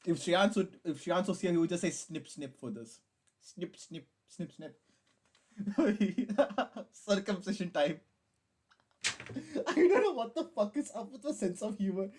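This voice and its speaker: A man's voice: high-pitched, animated, unhurried, a little mellow, slight background noise. A young man, chatting on a casual live stream while building a model kit, hyper, giggly, swearing and rambling. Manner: hyper, giggly and profane, rambling self-mockery.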